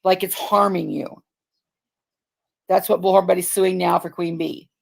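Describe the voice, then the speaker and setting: A woman's voice: lowish voice, fairly even intonation, unhurried, creaky. A woman on a livestream who talks bluntly and mockingly and swears freely. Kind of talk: casual livestream chat.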